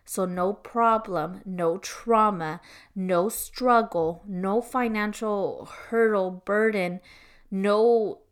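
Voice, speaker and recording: A woman's voice: medium pitch, extremely slow, clear, resonant tone. A woman hosting a Christian podcast, speaking earnestly and encouragingly in a conversational way, with many casual fillers. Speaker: podcast host. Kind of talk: faith-based podcast devotional talk.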